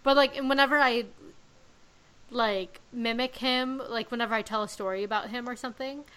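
A woman hosting a pop culture podcast, chatting casually and telling animated stories. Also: on the high side, brisk, clean tone, rough recording. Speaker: podcast host. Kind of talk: casual chat.

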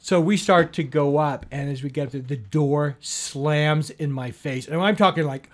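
A man's voice: on the high side, normal speed. A man telling a long story to a listener in casual conversation, acting out the dialogue with lots of "she goes" and "I go.".

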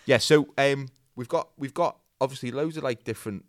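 A man hosting casual comedic chat, joking and animated. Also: mid-range voice, brisk, no room sound, studio quality.

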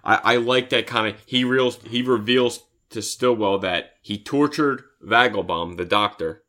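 A man's voice: mid-range voice, a little slow, bright, forceful tone. A man in casual chat who stammers and repeats words as he talks.

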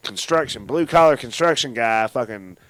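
A man co-hosting a movie podcast in loose, profane chat, mocking the characters as he retells the plot. His voice sits in a middle pitch. The sound is dry and close to the mic. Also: expressive, moderate pace, fairly bright tone, dry recording. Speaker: podcast co-host. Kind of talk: casual film discussion.

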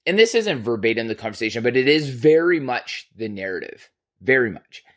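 A man hosting a podcast recounts a story casually, full of swearing and animation, shifting between booming moments and quiet asides. He speaks fairly quickly in a mid-range voice.

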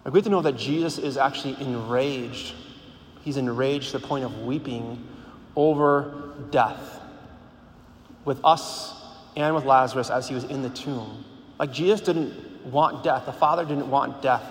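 A speaker at a Catholic gathering gives an informal sermon in a medium-pitched voice at a measured pace. He talks conversationally, using lots of "like," repeated words, and rhetorical questions. The recording has long hall reverb and faint background noise.

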